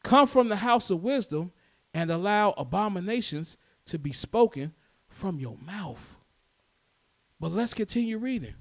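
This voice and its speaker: High-voiced man preaching a sermon. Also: animated, unhurried. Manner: preaching with sweeping swings between loud and soft. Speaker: teacher.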